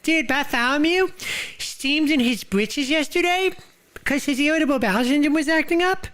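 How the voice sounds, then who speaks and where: A man voicing a squeaky, excitable young dude who rambles through a story, repeating "dude" and "and like". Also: normal speed. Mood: rambling.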